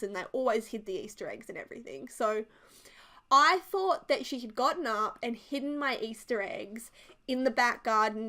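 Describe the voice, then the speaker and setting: Talking casually over a build video, this chatty young woman in her twenties has a fairly high voice. She's a video creator who tells her story in an animated way and leans heavily on "like".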